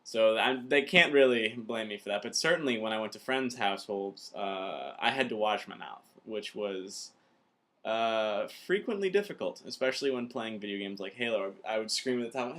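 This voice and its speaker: A man's voice: fairly low pitch, lively intonation, moderate pace, a bit bright. A young man from the Minneapolis area giving a rambling, casual vlog review of a film, full of filler words. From Minneapolis area, USA.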